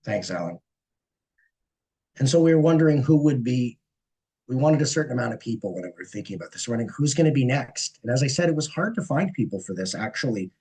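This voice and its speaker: A man's voice: medium pitch, animated, quick pace, darkish tone, husky, poor audio. A man moderating a panel, introducing guests in an earnest, personal way with frequent "eh?" tags.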